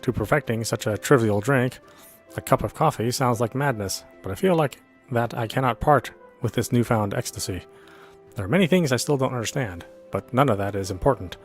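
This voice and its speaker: A man reading a visual novel aloud in an earnest first-person narration. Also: mid-range voice. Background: faint background music.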